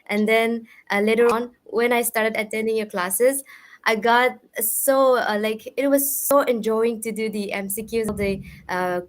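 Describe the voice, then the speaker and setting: A woman's voice: mid-range voice, rough recording. A woman student, answering interview questions politely and hesitantly with many fillers. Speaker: student, exam topper.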